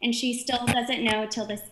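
A woman's voice: on the high side, reverberant, very noisy. A woman from California calling in to a show, talking casually in a giggly, hesitant way. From California, USA. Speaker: caller. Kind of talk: casual call-in chat.

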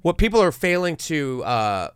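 Lively, smooth-voiced man telling a story. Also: fairly high pitch, normal speed, dry recording. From San Antonio, Texas. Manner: animated, joking storyteller. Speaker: podcast guest. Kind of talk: casual podcast chat.

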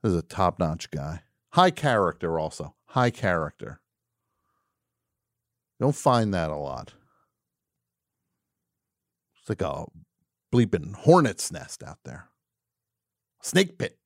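Man, radio host, sarcastic joking banter, lively swooping pitch, dry close studio sound. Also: slow pace, pauses often, no room sound. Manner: joking, sarcastic, rambling asides. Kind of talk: live radio show banter. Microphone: studio mic, on camera.

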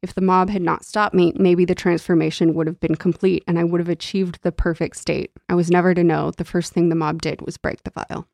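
Young woman, low voice, gravelly fry, dry close sound, casual book chat. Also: brisk, few pauses, no room sound. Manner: reads novel passages aloud, animated and laughing when chatting. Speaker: book club podcast co-host. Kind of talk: casual chat with read-aloud passages.

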